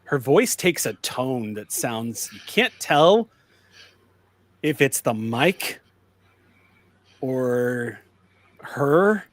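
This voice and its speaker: A man narrating a tabletop horror game as game master, in relaxed, descriptive speech. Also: medium pitch, extremely slow, long pauses, dry recording.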